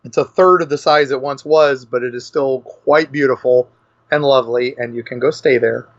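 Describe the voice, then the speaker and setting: A man's voice: medium pitch, fairly even intonation, moderate pace. A man, a guest author, telling a rambling, enthusiastic story in a casual podcast chat. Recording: lo-fi dull podcast audio.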